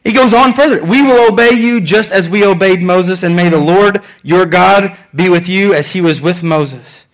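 A man preaching a sermon, reading scripture aloud and swinging between loud emphatic lines and quiet ones, often repeating phrases for emphasis. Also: high voice, normal speed, few pauses. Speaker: pastor.

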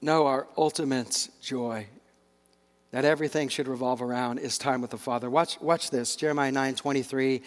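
A man's voice: mid-range voice, steady tone, moderate pace. A middle-aged man preaching a sermon as a pastor, talking in a loose, conversational way with asides and repeated words. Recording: long hall reverb.

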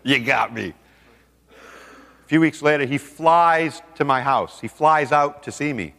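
A man telling a story to a seminar audience in a lively, animated way, acting out the people he quotes. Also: on the high side, a little slow. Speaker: seminar speaker. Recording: long hall reverb.

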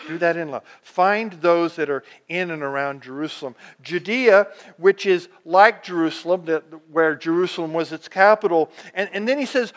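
Man, fairly high voice, pastor giving an animated sermon with many restarts. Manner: animated preaching, acts out quoted speech, frequent restarts.

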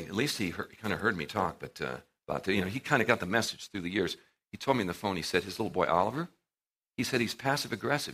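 A middle-aged man preaching a sermon to a live audience, telling stories with animated swings in volume and acting out what people said. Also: mid-range voice. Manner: animated storytelling, acting out quotes with big swings in loudness.

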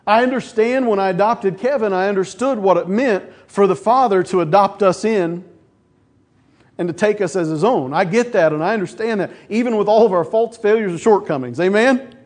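A middle-aged male pastor preaches a sermon in a high voice at normal speed. He tells stories animatedly, acting out the voices of the people he quotes.

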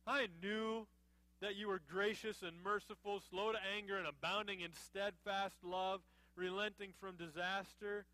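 A man's voice: high-pitched, steady tone, a little slow, bright, forceful tone, no echo, poor audio. A man preaching a sermon, voicing a bitter, angry prophet complaining to God. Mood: resentful. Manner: resentful complaint.

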